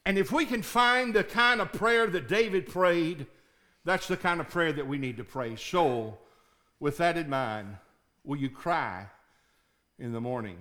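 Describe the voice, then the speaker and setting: A male pastor preaching a sermon, dropping to low murmurs and rising to shouted, pleading prayers. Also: a little slow.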